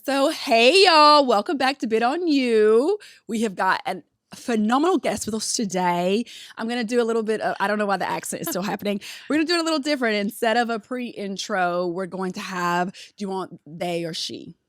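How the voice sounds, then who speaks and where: A woman's voice: on the high side, moderate pace. A woman hosting a podcast, chatting casually in a bubbly, slangy way. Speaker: podcast host.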